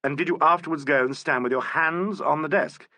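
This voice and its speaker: A man voicing a polite, urbane police inspector who questions suspects with gentle irony, in an audiobook. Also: on the high side, fairly quick, dry recording, voice pushed up. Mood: questioning. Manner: courteous, urbane, gently ironic. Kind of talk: audiobook character voice.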